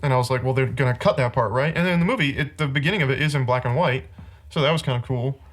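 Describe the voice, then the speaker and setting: A man's voice: medium pitch, rapid-fire. A man hosting a casual podcast, rambling through a rant about bad movies and laughing often.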